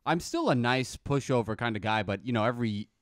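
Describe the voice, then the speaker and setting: A man's voice: mid-range voice, expressive, fairly quick, dry recording, studio quality. A young man, a comedian guest, rambling through self-deprecating stories in casual chat. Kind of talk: casual storytelling.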